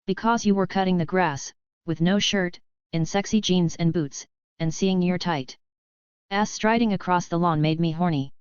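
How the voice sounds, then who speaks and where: A woman's voice: lowish voice, moderate pace, smooth, no room sound, natural voice. A woman voicing a teasing, headstrong young wife with a playful, defiant manner in an audiobook, on a slightly dull recording.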